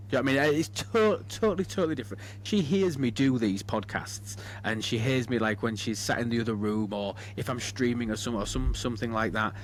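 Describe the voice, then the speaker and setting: A man's voice: medium pitch, a little hiss or hum. A man with a Hull accent hosting a podcast, rambling in casual chat and often asking if the listener agrees. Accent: Hull, England. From Hull, England. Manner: chatty, rambling, asks for agreement. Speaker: podcast host.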